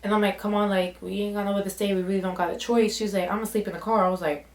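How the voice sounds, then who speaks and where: A woman's voice: mid-range voice, rapid-fire, roomy sound. A young woman vlogger telling a story in casual slang, acting out what people said. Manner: animated, slangy, acts out quotes in voices. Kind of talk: storytime vlog.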